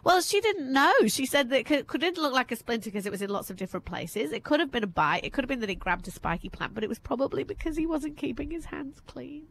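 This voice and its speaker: A woman's voice: high-pitched, very animated, quick pace, gravelly, few pauses, a bit bright, a little hiss or hum. A middle-aged Australian woman hosting a podcast, chatting casually and laughing easily. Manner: laughs easily, breezy and teasing. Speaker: podcast host. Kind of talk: casual chat.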